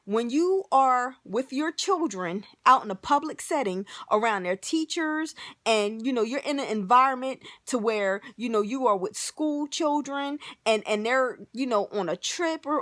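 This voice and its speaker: A woman vlogger ranting to camera, animated and emphatic, with plenty of profanity and repeated "like". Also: sits high, no echo, studio quality.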